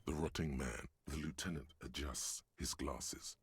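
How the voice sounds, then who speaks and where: A grim narrator of a video game, telling grisly scenes in grave, vivid detail. His voice sits extremely low with a gravelly edge. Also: steady tone, measured pace, full character voice. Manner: grave, vivid descriptive delivery. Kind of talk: scripted narration.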